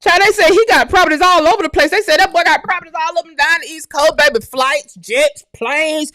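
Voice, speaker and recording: A young woman with a high voice reacts out loud to a news clip. She talks loosely and outspokenly, full of exclamations and laughter. The sound is close and dry, with no room around it. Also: a little fast, no echo. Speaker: channel host. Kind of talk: casual reaction commentary.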